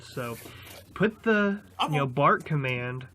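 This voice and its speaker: A man's voice: mid-range voice, slow. Give me a man explaining dog training casually, with plenty of filler words, on a noisy outdoor recording. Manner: relaxed, explanatory, frequent fillers and restarts. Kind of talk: casual instructional talk. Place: outdoors on a rainy day during a training session. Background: a puppy barking repeatedly.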